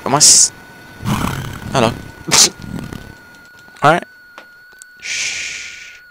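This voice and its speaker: A man's voice: lowish voice, big pitch swings, normal speed, creaky. A young man chatting casually as he plays a game, rambling with fillers and swearing at enemies. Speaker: gaming channel host. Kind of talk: casual let's play commentary. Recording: noisy home recording.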